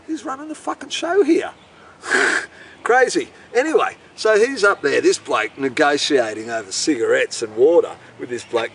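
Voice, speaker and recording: A man's voice: fairly high pitch, big pitch swings, moderate pace, gravelly, a bit bright, recorded from a distance, slight background noise, low-quality recording. A man with an Australian accent telling a meandering, profane, incredulous comic story. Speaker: host. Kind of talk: rambling comic monologue.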